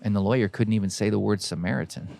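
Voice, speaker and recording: A man's voice: on the low side, fast, gravelly, darkish tone, a little hiss or hum. Folksy preaching American podcast host man. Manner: folksy, emphatic, exhorting listeners directly. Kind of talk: preachy motivational monologue.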